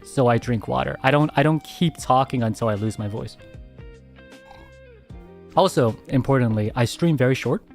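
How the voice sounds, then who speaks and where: A man streamer answering viewer questions in a soft, hesitant casual chat, speaking very close to his mic at home. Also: medium pitch. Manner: soft-spoken, hesitant, many restarts.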